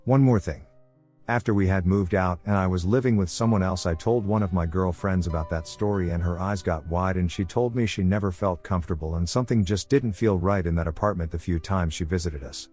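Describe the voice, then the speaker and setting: A voice actor with a fairly low voice narrates scary first-person stories in scripted horror style, moving a little fast. His delivery stays calm and steady line after line, with faint music underneath.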